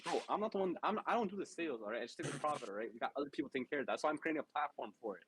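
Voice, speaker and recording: A man's voice: a little high, expressive, very fast, background noise. A young man co-hosting a podcast, brash and boastful in joking banter. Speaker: co-host. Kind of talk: casual banter.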